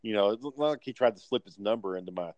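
A man's voice: fairly low pitch, fast talker, no echo, highs cut off. A man telling a convention story in casual chat, swearing freely and acting out other people's lines. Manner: profane, animated storyteller who acts out other people's lines. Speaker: podcast co-host.

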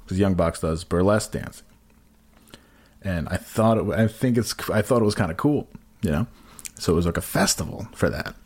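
A man with a low voice tells a crude, rambling story in casual podcast chat. His pitch rises and falls widely as he acts out the beats, and he stumbles through fillers and restarts as he goes. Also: a little mellow, husky.

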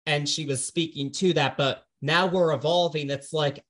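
A man's voice: a little high, moderate pace, a bit bright. A man co-hosting a podcast, talking through an album in a casual, earnest and thoughtful way. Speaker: podcast co-host. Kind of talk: casual music review chat.

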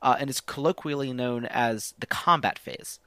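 A man's voice: medium pitch, moderate pace, a bit bright, smooth, no room sound, clean studio sound. A man co-hosting a casual podcast, explaining things with wry, teasing humor. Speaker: podcast co-host. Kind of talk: casual chat.

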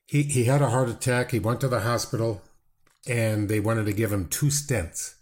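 A man hosting a chat show, talking deliberately with dry, wry asides. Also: medium pitch, steady tone, a little mellow. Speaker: podcast host. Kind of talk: casual interview chat.

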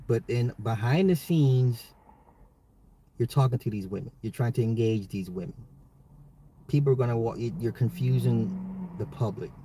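A man's voice: mid-range voice, normal speed, long pauses, warm tone, slightly rough. A man, a father, hosting his own commentary podcast, talking straight to listeners in an emphatic way and often repeating himself. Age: adult, a father. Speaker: podcast host. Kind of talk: solo social commentary podcast.

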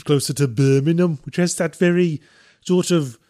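A man's voice: a little high, normal speed, warm tone, no echo. Wry Englishman with a mixed accent, dry mic. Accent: mixed English, mellowed by years abroad. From England. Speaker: podcast co-host. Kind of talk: casual chat.

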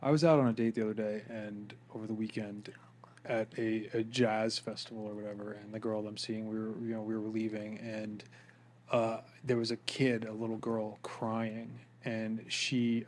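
A man co-hosting a podcast, chiming in supportively and telling a short anecdote in a relaxed, casual way. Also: on the low side, moderate pace, slight background noise. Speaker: podcast co-host. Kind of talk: casual chat.

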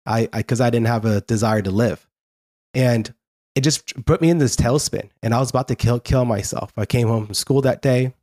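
A man's voice: mid-range voice, fairly even intonation, a little mellow. Earnest man telling his story. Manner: earnest, halting storyteller with many restarts. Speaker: guest.

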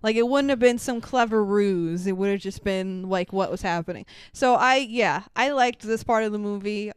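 A woman co-hosting a casual podcast, recapping a movie in an animated way, swearing freely and acting out lines. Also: mid-range voice, normal speed, smooth, no room sound. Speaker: podcast co-host.

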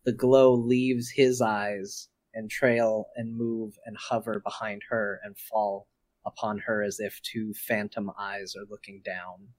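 Slow, deliberate man playing a tabletop game. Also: on the low side, little pitch movement. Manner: deliberate, hesitant with fillers. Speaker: player.

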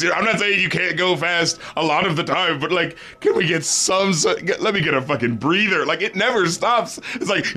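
A man's voice: sits high, brisk, hardly any pauses, sharp tone. A man co-hosting a podcast, chatting casually about an album, laughing often and acting out quotes with some swearing. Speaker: podcast co-host. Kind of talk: casual album review chat.

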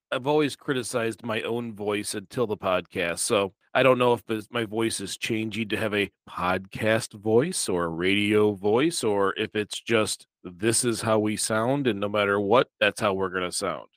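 A man with a deep, stuffy, congested voice hosting a podcast in casual, teasing chat. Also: a little slow, no room sound. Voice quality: deep bass voice. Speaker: podcast host.

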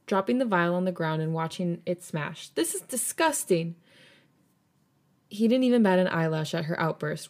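A woman podcast host reading fan fiction aloud, chatty and relaxed, with small stumbles as she goes. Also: on the low side.

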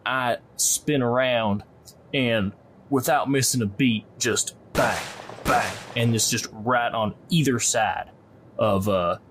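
A man playing a tabletop game, telling his character's moves in a relaxed, hesitant way. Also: mid-range voice, slow pace, noisy background. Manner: relaxed, hesitant storytelling with fillers. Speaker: player. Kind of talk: tabletop game role-play.

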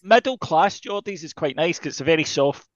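A man's voice: on the high side, expressive, brisk, no echo, dull audio. A man chatting casually as a podcast co-host, rambling and self-deprecating with lots of restarts. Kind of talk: casual chat.

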